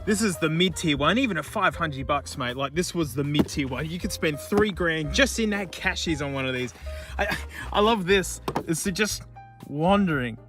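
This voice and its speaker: A high-pitched Australian man rambles through a casual outdoor vlog, his voice leaping all over the place as he jokes with the objects he finds. His delivery is excitable and loose, with music playing behind him. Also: moderate pace. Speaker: YouTube host. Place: outdoors in remote bushland, plagued by flies.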